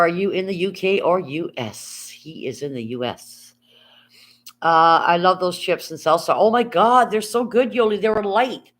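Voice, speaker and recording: A woman, chatting casually on a live stream, rambling, answering her chat and swearing freely. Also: fairly low pitch.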